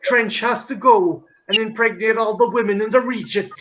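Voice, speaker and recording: A man's voice: sits high, fairly even intonation, normal speed, fairly bright tone, muffled recording, a little hiss or hum. A man in a late-night casual group chat, rambling and riffing profane bits.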